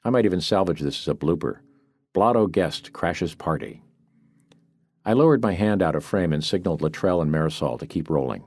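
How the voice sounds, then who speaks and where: A man narrating an audiobook in first person, with a wry, brisk, wisecracking delivery, read close to a studio microphone. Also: low voice, animated, a little mellow, no room sound.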